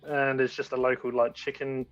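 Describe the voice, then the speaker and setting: A man's voice: medium pitch, flat delivery, normal speed, a bit bright, dry recording, soft background music. A man as a guest in a casual chat, talking enthusiastically and rambling with frequent restarts. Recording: dull lo-fi audio.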